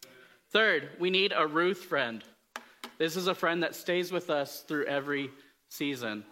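A man's voice: on the high side, a little slow, sharp tone, a little hiss or hum. A man giving a casual storytelling sermon, joking about himself, with many fillers and restarts. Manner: conversational, self-deprecating humor, frequent fillers and restarts. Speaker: preacher.

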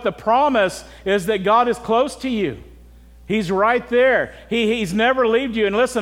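Middle-aged pastor guy preaching, high voice, keeps asking the crowd stuff, big echoey church. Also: fairly bright tone. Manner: earnest, direct, asks the congregation questions. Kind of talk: sermon.

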